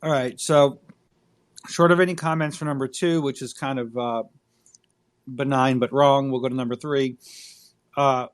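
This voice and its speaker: A man's voice: mid-range voice, fairly even intonation, moderate pace, long pauses. A man hosting a casual online audio chat, joking and swearing freely as he reads a thread aloud. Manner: irreverent, jokey, swears freely. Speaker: discussion host reading a thread aloud. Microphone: phone app audio room.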